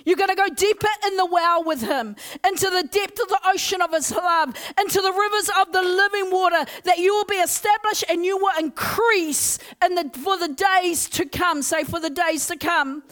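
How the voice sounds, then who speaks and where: A young woman preaching an energetic Pentecostal sermon in a church, loud and exclaiming as she leads the congregation in call-and-response. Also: extremely high pitch, normal speed, few pauses. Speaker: guest preacher. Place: church service.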